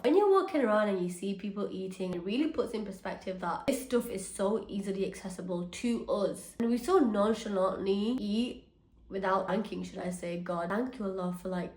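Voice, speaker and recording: A young woman with a mid-range, slightly mellow voice vlogs to her phone indoors at home, and the sound is roomy. She talks to the camera in a chatty, sincere way, often emotional and grateful.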